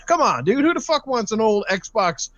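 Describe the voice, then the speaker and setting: A man's voice: high voice, sing-song, normal speed, a bit bright, dry recording, dull audio. A man on a gaming podcast, ranting heatedly with lots of swearing. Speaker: podcast panelist. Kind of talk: casual podcast rant.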